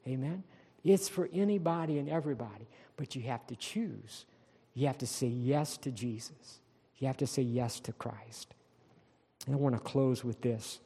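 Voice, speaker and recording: A male pastor preaching a sermon, slowing down to stress key words of scripture. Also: mid-range voice, mellow, slightly rough. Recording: long reverb of a large hall.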